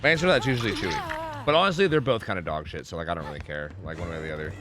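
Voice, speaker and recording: A man streaming a game live and chatting with viewers, excitable and profane, swinging between loud pleading and low mumbling. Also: very fast, over music. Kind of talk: live gaming commentary with chat.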